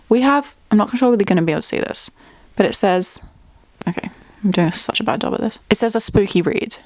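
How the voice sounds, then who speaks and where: A woman's voice: medium pitch, expressive, quick pace, darkish tone, no room sound. A young woman chatting casually as a book vlogger at home, bubbly and talkative, thinking aloud. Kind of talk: casual chat.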